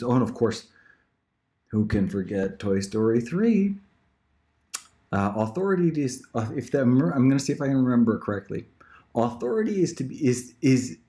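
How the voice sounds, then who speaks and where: A man talking casually about himself in a rambling audition monologue, laughing often and leaping into high pitch. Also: a little mellow. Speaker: parent auditioning as a voice actor.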